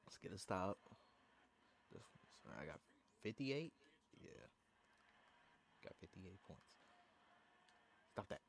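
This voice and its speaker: A man commentating his own basketball video game, swinging from low muttering to excited shouting. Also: takes it slowly, pauses often, a little hiss or hum. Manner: hyped, shouting bursts between low muttering. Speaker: gaming streamer. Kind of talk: excited live commentary over gameplay.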